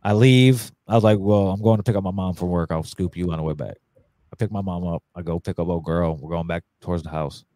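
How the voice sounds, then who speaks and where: A man's voice: low-pitched, brisk, mellow, no echo. A man casually telling a long crude story, full of swearing and voiced quotes.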